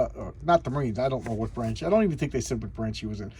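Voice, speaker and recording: A man's voice: medium pitch, lively intonation, fast, darkish tone, slightly rough. A man casually recapping a comic book in a rambling, sarcastic way, with many restarts. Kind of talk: casual video commentary.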